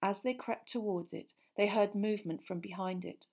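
A woman narrating a story in an audiobook reading, dramatic and expressive, with tense parts dropping to a hushed voice. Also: medium pitch, moderate pace.

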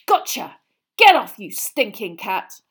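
A woman voicing a frightened, frantic teenage boy who hisses and shouts in panic. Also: mid-range voice, very animated, slow, husky, heavily acted.

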